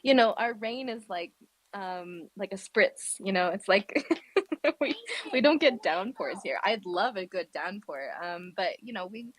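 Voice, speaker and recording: A woman's voice: mid-range voice, poor audio. Chatty woman talking from outdoors. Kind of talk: casual chat on a live audio space. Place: outdoors in a yard.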